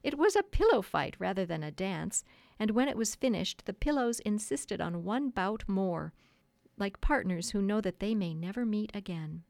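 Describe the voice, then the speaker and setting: A middle-aged woman hosts a children's classics program, reading the story aloud with expressive, gently dramatic turns. Her voice sits at an ordinary pitch, and the recording is dry and close. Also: moderate pace, vocal fry, no echo. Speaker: host.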